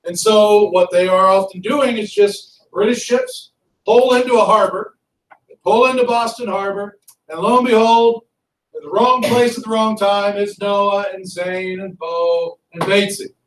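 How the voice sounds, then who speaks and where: Male teacher, high voice, lively classroom lecture, echoey room, mic far off. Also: measured pace, a little hiss or hum. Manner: lively, conversational, asks students questions. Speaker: history teacher.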